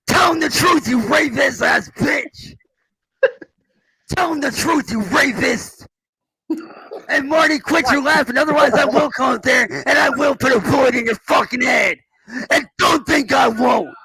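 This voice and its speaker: Super high shrieky dude yelling threats, raspy and gravelly, really sharp tone. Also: male voice, a little slow, dry recording, low-quality recording. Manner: shouting profane threats. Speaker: streamer in a played clip.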